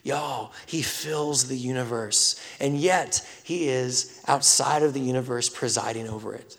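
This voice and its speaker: A man, preaching a sermon that swings from loud scripture reading to hushed whispers. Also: mid-range voice, measured pace, few pauses. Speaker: pastor. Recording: long reverb of a large hall.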